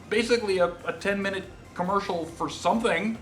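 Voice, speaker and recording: A man's voice: mid-range voice, expressive, fast, pushed and bright, reverberant, faint music behind. A man making emphatic, dramatic complaints as a reaction panelist.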